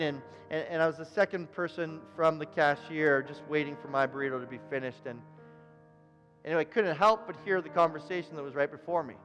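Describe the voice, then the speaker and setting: A man, a pastor, preaching a sermon and telling a story, building to emphatic repeated phrases. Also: a little high. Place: church sanctuary. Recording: church hall reverb with soft keyboard music.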